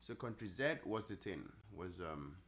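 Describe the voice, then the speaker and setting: A man hosting a live trading stream in a relaxed, chatty way, answering messages from his viewers as they come in. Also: deep voice, moderate pace. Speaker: livestream trading host. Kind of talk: casual live-stream chat.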